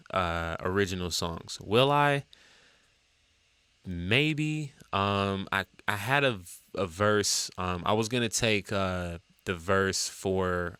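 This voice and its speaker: A man musician talking casually to camera about his songs, rambling with many fillers and sudden jumps up in pitch. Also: pushed and bright, clean tone, no room sound. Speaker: musician and TikTok creator.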